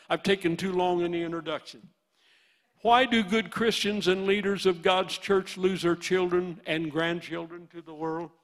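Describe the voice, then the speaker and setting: A man in his eighties with a Midwestern American accent preaches a sermon in a high, gravelly voice, swinging from loud bursts to hushed storytelling.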